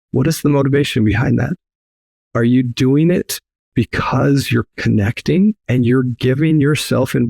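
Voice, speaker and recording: A man's voice: medium pitch, gravelly, darkish tone, dry recording. A man speaking as a podcast guest, earnest and emphatic, repeating key phrases. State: briefly emotional. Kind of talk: earnest interview talk.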